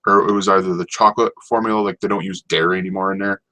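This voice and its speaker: A man's voice: low voice, fairly even intonation, racing, bright, forceful tone, poor audio. A man hosting a casual solo podcast about TV, rambling with lots of ums and restarts. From North America. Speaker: podcast host. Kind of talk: casual solo TV review chat.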